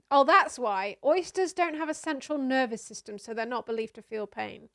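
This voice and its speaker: A young woman streaming, chatting casually while reacting to videos, laughing often and letting out loud disgusted exclamations. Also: high voice.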